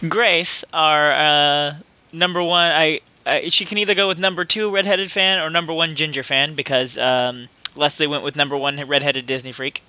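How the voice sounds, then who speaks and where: Man, podcast co-host, giggly, reads out jokes, bright tone, slightly high pitch. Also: steady tone, normal speed, no echo, highs cut off. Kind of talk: casual comedic chat.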